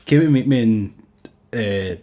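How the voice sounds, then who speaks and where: A man's voice: fairly low pitch, measured pace, mellow. A young man with a Glaswegian accent, co-hosting a podcast, telling sweary, laughing stories and acting out the quotes he tells. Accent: Scottish, Glaswegian. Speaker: podcast co-host. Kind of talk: casual chat.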